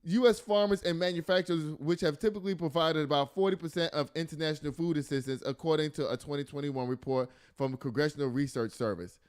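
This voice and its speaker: Man, podcast host, casual news commentary, fairly high voice, exasperated asides, laughs a lot. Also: fast, hardly any pauses, darkish tone, clean tone. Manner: reads news aloud with frequent exasperated asides; laughs and jokes often.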